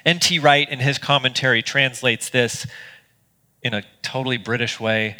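Bright-voiced man preaching in a reverberant auditorium. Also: mid-range voice, fairly even intonation, normal speed. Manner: earnest, conversational preaching with small restarts. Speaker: pastor. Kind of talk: sermon. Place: church auditorium.

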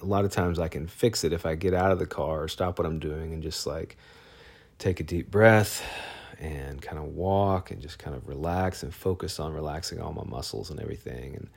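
Man, very low and gravelly voice, halting casual storytelling with frequent fillers. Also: darkish tone. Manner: halting, many fillers and restarts. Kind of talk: personal story told casually.

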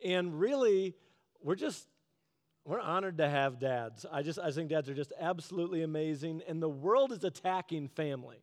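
Male preacher with a high voice and an earnest, chatty sermon delivery. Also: expressive, normal speed. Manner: earnest, chatty storytelling with laughs. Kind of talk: conversational sermon.

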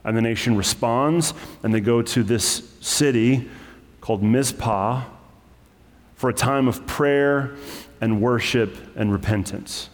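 A man's voice: mid-range voice, takes it slowly, long reverb tail. A man preaching as a pastor, conversational and full of asides, explaining scripture to his congregation. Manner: conversational, with asides and self-corrections. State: choked up with emotion. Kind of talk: sermon.

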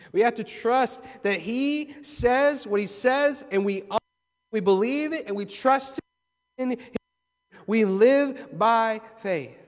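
A man's voice: a little high, big-room sound. A man preaching a sermon as pastor, repeating key phrases with rising intensity in a church. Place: church sanctuary.

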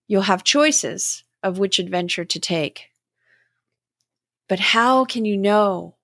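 A middle-aged woman hosting a podcast, speaking in a slow, gentle and contemplative way about spiritual growth. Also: fairly low pitch, vocal fry, dry recording, clean studio sound. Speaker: podcast host. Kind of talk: reflective spiritual talk.

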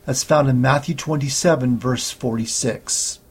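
A man preaching a sermon, teaching slowly and steadily through Bible passages. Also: medium pitch, breathy edge. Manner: slow, measured Bible teaching with scripture readings.

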